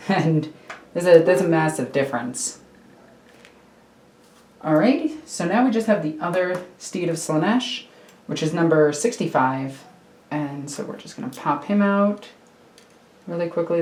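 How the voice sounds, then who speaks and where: A woman with a low, slightly mellow voice, recorded with a roomy sound, works on a miniature model in her home hobby room. The streamer keeps up a chatty, self-mocking ramble over a faint computer hum.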